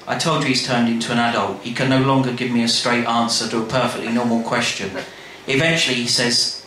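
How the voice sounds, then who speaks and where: Male storyteller, comic monologue, lively and direct, echoey room with faint background noise. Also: mid-range voice, normal speed. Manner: chatty, animated, addresses listener directly.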